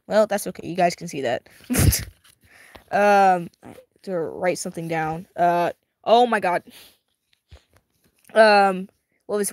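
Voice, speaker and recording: A woman reacting to a webtoon as she reads it, excitable and giggly, chatting to her viewers in slang, her voice a little strained and tired. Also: lowish voice, no room sound, clean studio sound. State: strained, tiring voice. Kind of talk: casual reaction reading.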